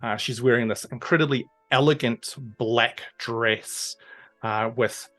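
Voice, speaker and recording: A man's voice: mid-range voice, steady tone, measured pace, pushed and bright, soft background music. A man working as game master, narrating a tabletop game scene in a loose, descriptive way with many ums and uhs.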